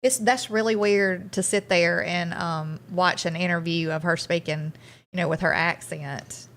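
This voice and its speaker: A woman's voice: on the low side, fairly even intonation, measured pace, a bit bright. A woman co-hosting a morning show, chatting casually and chiming in with friendly short replies. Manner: friendly, agreeable, backs up her co-host with short replies.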